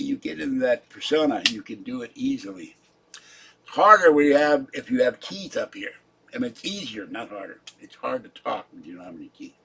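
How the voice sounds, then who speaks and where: A man's voice: mid-range voice, gravelly, fairly bright tone, breathy edge. A man chatting casually on his own livestream, rambling and muttering asides to his chat. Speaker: YouTube livestreamer.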